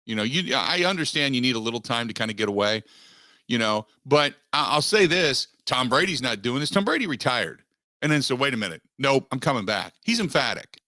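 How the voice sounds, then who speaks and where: A man hosting a sports talk radio show, giving opinionated takes in an emphatic way that climbs in pitch as he gets worked up. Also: sing-song, brisk, pushed and bright, dry recording, clean studio sound. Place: radio studio. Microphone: studio microphone.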